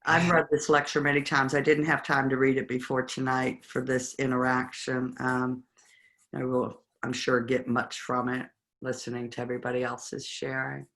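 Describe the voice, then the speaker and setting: A participant in a spiritual study group, sharing personal reflections in a halting, reflective way with pauses between words. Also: mid-range voice, monotone, a bit bright.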